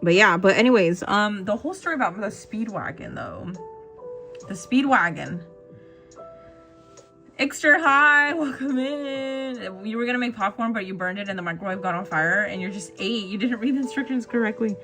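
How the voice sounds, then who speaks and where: A woman hosting a relaxed art livestream, reading viewers' messages aloud and answering them with frequent giggles. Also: medium pitch, moderate pace, faint music behind. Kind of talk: casual chat with viewers.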